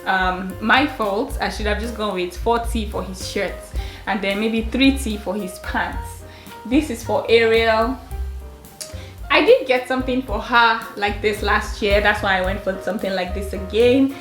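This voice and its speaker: A woman's voice: medium pitch, unhurried. A young mother, gushing and laughing as she chats through a kids' clothing haul at home. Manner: chatty and gushing, laughing often. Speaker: mother and vlogger. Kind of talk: casual clothing haul chat. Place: her home. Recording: roomy sound with faint music.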